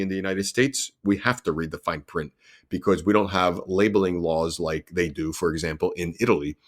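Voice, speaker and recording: A man's voice: low-pitched, fairly bright tone. A young adult man hosting a solo podcast, talking earnestly and explaining things step by step, often restarting his sentences. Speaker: podcast host.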